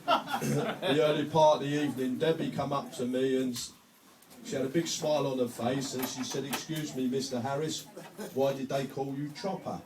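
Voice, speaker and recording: An older man giving an after-dinner speech as guest speaker, with modest, dry self-deprecating humour. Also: a little high. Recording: distant mic with crowd noise.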